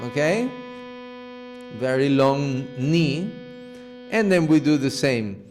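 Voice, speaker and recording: Slow-spoken man teaching chant. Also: mid-range voice, expressive, darkish tone, faint music behind. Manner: patient, slow instruction with sung demonstrations of a chant. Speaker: music teacher. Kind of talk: online class on chanting with harmonium.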